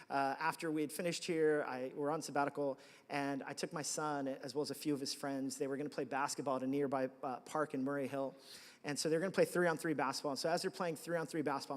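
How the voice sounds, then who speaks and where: A man's voice: a little high, big-room sound. A man preaching a sermon as pastor, telling stories conversationally with self-deprecating asides. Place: large church hall.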